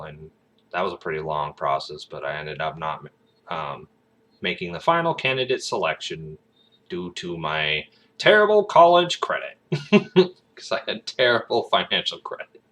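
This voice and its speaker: A man's voice: sits low, bright, forceful tone. A man rambling casually and getting sidetracked as he talks about his acting plans, with lots of fillers. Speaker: aspiring actor vlogger.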